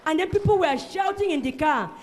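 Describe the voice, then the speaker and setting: A woman from Cameroon, giving an emotional church testimony and breaking into loud shouted praise. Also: very high voice, lively intonation, brisk. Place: church service.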